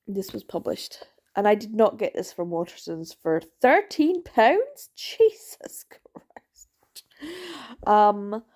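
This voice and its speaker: A woman's voice: mid-range voice, darkish tone. A young woman vlogging about her reading in casual chat, rambling and chatty, with many fillers and giggles.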